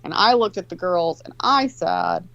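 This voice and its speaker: A woman's voice: on the low side, wildly swooping pitch, a little slow, fairly bright tone, no echo, highs cut off. A woman in her forties telling a long, profane, rambling story in casual chat.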